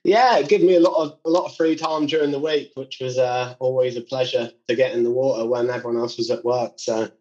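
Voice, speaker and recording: A man from England with a Cornish accent, a musician guest chatting in a relaxed way and laughing often. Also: mid-range voice, fast, hardly any pauses, dull audio. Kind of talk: casual interview chat.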